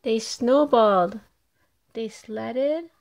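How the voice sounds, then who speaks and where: A woman reading a children's picture book aloud, slow and clear. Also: fairly high pitch. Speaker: storybook reader.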